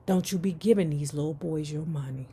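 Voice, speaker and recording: A woman's voice: sits low, fairly quick, warm tone, breathy edge, pitched below the performer's own voice. A woman doing a stern old grandmother. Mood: stern warning. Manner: firm, warning.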